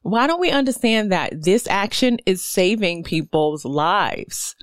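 Woman, solo podcast host, casual and profane, smooth clear voice, dry close sound. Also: medium pitch, unhurried, no echo. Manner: candid, profane, animated storytelling with many fillers.

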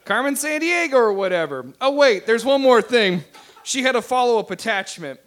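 A man, narrating a tabletop game as game master in a chatty, animated way. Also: very high-pitched, normal speed. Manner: animated, chatty, laughing often.

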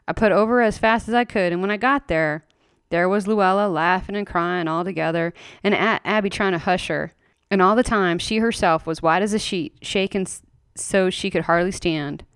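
A woman's voice: medium pitch, clean tone, no room sound, clean studio sound. A woman storyteller giving a dramatic reading of a horror story in rural dialect, telling it in a blunt, indignant, folksy way.

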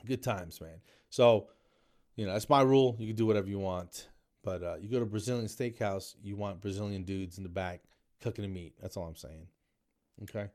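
A man's voice: fairly low pitch, fairly quick, a little mellow. A middle-aged man, telling rambling stories in a casual monologue and tossing in "man" and "dude".

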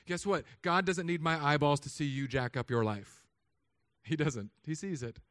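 High-voiced man preaching casually. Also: moderate pace, fairly bright tone, dry recording, studio quality. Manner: conversational storytelling with put-on voices. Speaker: pastor. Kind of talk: sermon. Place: church hall.

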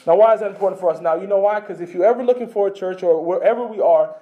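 A man delivering a sermon, swinging between emphatic lines and soft, hushed phrases. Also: high-pitched. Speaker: pastor.

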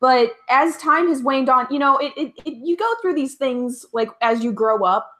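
A woman's voice: high-pitched, normal speed, fairly bright tone. A woman co-hosting a podcast, talking through her views in a thoughtful, self-deprecating way with frequent restarts. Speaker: podcast co-host. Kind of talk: casual reflective chat.

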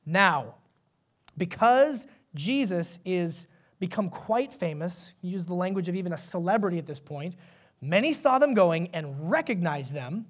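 Animated pastor preaching a conversational sermon. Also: male voice, high-pitched. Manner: conversational, animated, asks the congregation questions.

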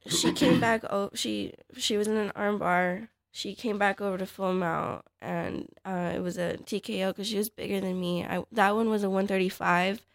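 A woman's voice: medium pitch, steady tone, moderate pace, vocal fry, few pauses, no room sound, studio quality. A woman, a fighter guest, chatting casually and hesitantly, with many fillers and restarts. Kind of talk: casual podcast chat.

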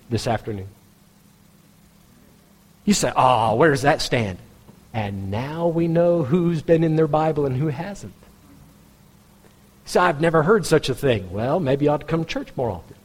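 A man preaching a sermon in a conversational, pointed way, jumping into a higher voice when he imitates people in the pews. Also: darkish tone, breathy edge, big-room sound. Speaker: pastor.

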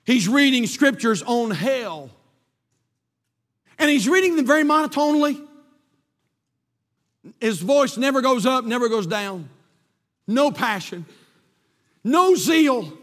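A male pastor preaching a sermon with passion, swelling and then dropping to quiet emphasis, in a church sanctuary. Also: very high voice. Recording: long reverb of a church hall.

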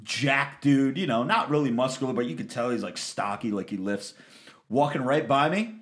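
A man's voice: mid-range voice, normal speed. A man telling a crude story in a casual podcast chat, swearing constantly and acting out what people said. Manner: profane, animated, acts out quotes.

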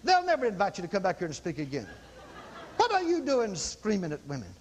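Man playing a scornful male devil, sneering, pitched below his own voice. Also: wildly swooping pitch, fairly quick, long reverb tail, slight background noise. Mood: mocking.

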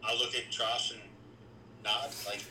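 A man's voice: medium pitch, little pitch movement, measured pace, bright, forceful tone. A man playing a tabletop game, answering in brief, laid-back replies. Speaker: player. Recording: roomy echoey sound with faint noise.

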